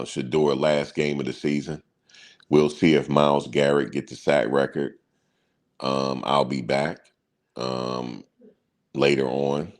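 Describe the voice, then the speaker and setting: Very deep-voiced man talking sports. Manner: loose slangy banter, chuckling at stories. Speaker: sports channel host. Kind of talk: casual sports talk.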